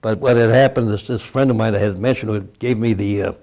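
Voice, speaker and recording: Gravelly old veteran telling stories. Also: male voice, lowish voice, fairly even intonation, fast talker, darkish tone. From Cleveland, Ohio. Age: 80s. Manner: rambling storyteller, chuckles often. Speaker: veteran interviewee. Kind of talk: oral history interview.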